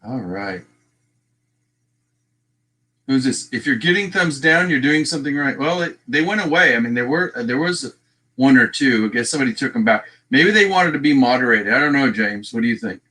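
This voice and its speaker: A man's voice: mid-range voice, animated, moderate pace, sharp tone. A man with a Texan accent hosting a casual livestream, chatting along and greeting viewers by name as he goes. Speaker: livestream host.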